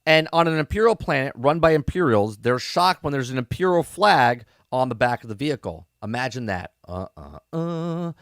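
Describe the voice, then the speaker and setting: Animated man rambling through a review. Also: medium pitch, a little fast, hardly any pauses, dry recording, studio quality. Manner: rambling, checks in with "okay?" and "right?"; sarcastic asides. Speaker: podcast host reviewing a TV episode. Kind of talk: casual review commentary.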